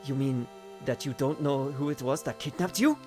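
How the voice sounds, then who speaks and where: A man's voice: mid-range voice, normal speed, over music, lightly acted. A man voicing an earnest young male vampire hunter, speaking in an exaggerated put-on French accent.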